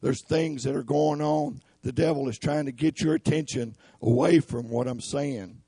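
A man with a raspy voice preaching a sermon in an earnest, emphatic way. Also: medium pitch, normal speed, warm tone, no room sound, studio quality. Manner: earnest, emphatic, addresses listeners as y'all.

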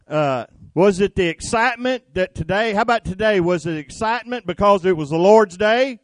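A man's voice: sits high, animated, normal speed, no echo. An older man preaching a sermon in a folksy, homespun way, full of questions to the congregation.

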